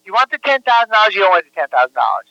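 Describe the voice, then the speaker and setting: A man chats cheerfully and evasively over a dull, muffled phone line. His voice is high, bright and lively. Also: very fast, vocal fry, no room sound. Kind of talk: improvised comic phone call.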